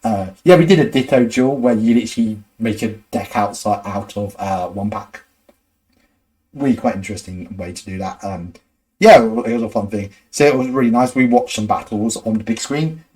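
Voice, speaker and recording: A young man hosting, chatting casually and rambling through a story, full of "like" and "sort of" and quick laughs. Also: fairly low pitch, darkish tone, low-quality recording. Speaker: host.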